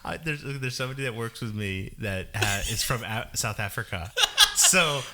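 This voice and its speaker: A man co-hosting a casual podcast chat, animated and laughing often. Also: medium pitch, normal speed, very noisy. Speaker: podcast co-host.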